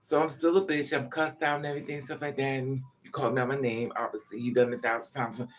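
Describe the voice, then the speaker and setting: A woman's voice: extremely low pitch, fairly even intonation, fast, slight background noise. Rambling, emotional woman telling her story. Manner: rambling, repetitive, emotional and profane. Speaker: vlogger telling a personal story. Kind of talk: casual confessional storytelling.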